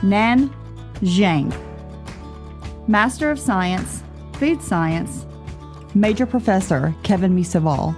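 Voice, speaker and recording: A woman announcer reads out graduates' names and degrees at an unhurried, deliberate pace. Her delivery is formal and measured, with faint music playing beneath her voice. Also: medium pitch, darkish tone. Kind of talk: formal name reading.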